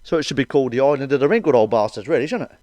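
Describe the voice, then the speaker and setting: A man's voice: medium pitch, very fast, dry recording, highs cut off. Sweary stand-up man, dry sound. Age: middle-aged. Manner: blunt, sweary, deadpan asides. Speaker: stand-up comedian. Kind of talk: crude stand-up one-liners.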